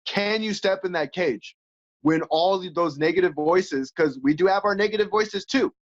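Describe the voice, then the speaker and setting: High-voiced animated man on lo-fi audio. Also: moderate pace. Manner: animated, acts out inner voices with laughs. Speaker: podcast guest, coach and former fighter. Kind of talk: casual interview chat. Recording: dull lo-fi audio.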